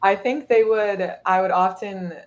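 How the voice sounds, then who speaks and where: A woman's voice: mid-range voice, measured pace. A young woman, a college soccer player, talking casually as a guest, laughing often and using lots of fillers. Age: young adult. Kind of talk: casual interview chat.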